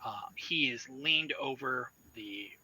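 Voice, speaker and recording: A man's voice: medium pitch, takes it slowly, pushed and bright, breathy edge, rough recording. A man narrating a sci-fi horror tabletop game as game master, casual and loose with fillers.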